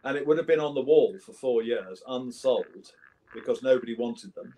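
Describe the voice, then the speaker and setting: Warm-toned and mid-range, this man from England speaks at a normal speed. He's a guest musician in his seventies, casually telling meandering stories in an interview and often starting over.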